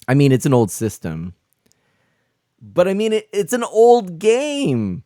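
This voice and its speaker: Flustered, animated male streamer. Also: high voice, slow, no echo, studio quality. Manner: flustered, laughing and exclaiming often. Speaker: game streamer. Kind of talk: live-stream chat with viewers.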